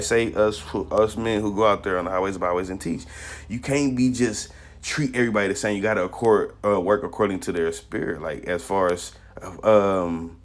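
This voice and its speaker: A man preaching an informal street-style sermon, loose and rambling with many fillers and restarts. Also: low voice.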